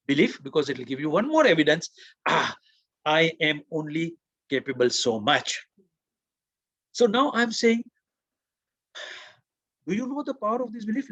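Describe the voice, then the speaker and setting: Man, webinar presenter, fairly high voice, husky, dry close mic, animated storytelling. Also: dry recording. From India. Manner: storytelling with acted-out quotes, lively emphasis. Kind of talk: motivational webinar talk.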